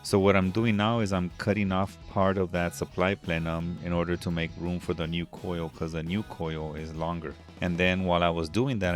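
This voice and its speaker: A man, an HVAC technician, explaining his work plainly in a voice-over. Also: low voice. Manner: plain, matter-of-fact explaining. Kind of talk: voice-over narration of a job.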